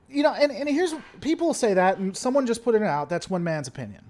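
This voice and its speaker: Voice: mid-range voice, sing-song, normal speed, a little mellow. A livestream host chatting casually and answering viewer comments, playful and theatrical, often repeating stalling phrases.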